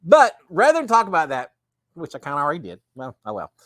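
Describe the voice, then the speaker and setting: A man's voice: fairly high pitch, huge pitch swings, quick pace, a bit bright, dry recording, studio quality. A middle-aged man, hosting a casual live show in a rambling, folksy way. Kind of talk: casual live-stream chat.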